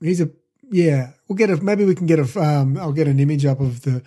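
Co-host type: man with a slightly high, mellow voice, casual and halting. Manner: reads trivia aloud with hesitant fillers. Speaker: podcast co-host. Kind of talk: casual chat.

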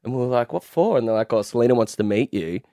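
Easygoing young Aussie guy, mid-pitched, dry close mic. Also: expressive, quick pace, mellow, dry recording. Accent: Australian. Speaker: guest. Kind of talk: casual radio chat.

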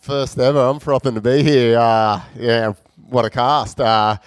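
Australian male guest, laid-back, smooth clear voice, dry sound. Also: medium pitch, steady tone, unhurried, no room sound.

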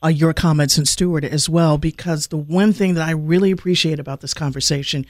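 A man's voice: a little high, fairly even intonation, brisk, dry recording, clean studio sound. A man hosting a panel discussion, affirming and encouraging, and losing his voice. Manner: affirming, encouraging, frequent agreement. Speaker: program host.

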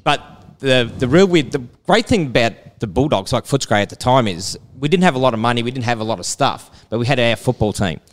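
A man's voice: medium pitch, lively intonation, fairly quick, hardly any pauses. A middle-aged man with an Australian accent tells stories in a casual, rambling way. He restarts his sentences often and laughs between them. His voice carries a long reverb tail. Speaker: guest. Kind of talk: casual storytelling chat.

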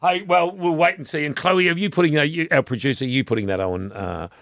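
A man's voice: a little high, fast talker, no echo. An Australian man hosting breakfast radio, joking and laughing through casual banter. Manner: jokey, laughing, animated. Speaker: radio host.

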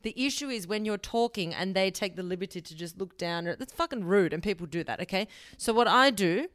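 A woman's voice: medium pitch, expressive, brisk, a bit bright, no echo, clean studio sound. A young woman hosting a solo advice podcast, talking bluntly and emphatically and swearing casually. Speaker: podcast host.

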